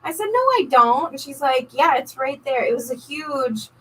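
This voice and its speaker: A middle-aged woman, a nurse, telling a story in casual chat on a live stream, talking in an animated way with lots of fillers. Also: high-pitched, moderate pace, far from the mic, slight background noise, low-quality recording. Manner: chatty, animated storyteller, many likes and ums. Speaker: co-host of a couple's live stream.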